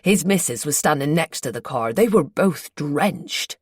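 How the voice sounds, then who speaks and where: A woman voicing an earnest, guarded local man with a North Devon accent, in a slow, confiding, colloquial way, for an audiobook. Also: low voice, expressive, darkish tone, slightly rough, dry recording, clean studio sound, heavily acted. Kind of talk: audiobook character voice.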